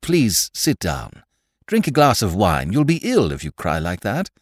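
A man voicing an earnest, somewhat flustered gentleman detective in an audiobook, polite and anxious. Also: on the low side, wildly swooping pitch, measured pace, dry recording, clean studio sound, full character voice. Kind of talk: audiobook character voice.

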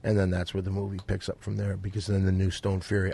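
A man's voice: low-pitched, monotone, fast talker, vocal fry, mellow, breathy edge. A man co-hosting a podcast, bossy and steering the crude casual banter. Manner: bossy, keeps steering the talk. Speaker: podcast co-host.

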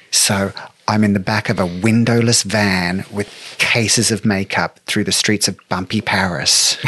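A middle-aged man from Australia, a make-up artist telling stories in an interview with lively, emotional delivery. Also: fairly low pitch, dry recording. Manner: animated, emotional storyteller who acts out quotes. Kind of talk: storytelling interview chat.

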